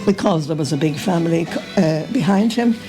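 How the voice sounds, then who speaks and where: Older Irish woman, low gravelly voice, meandering storyteller with lots of "uh" and "um". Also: brisk, music in the background, poor audio. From Ireland. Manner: meandering, full of uh and um. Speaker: reunion guest telling family stories. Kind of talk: casual storytelling to camera.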